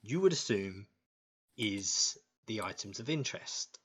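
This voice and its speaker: A man narrating as game master of an online tabletop game, slow and halting with many ums. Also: lowish voice, expressive, slightly rough, rough recording.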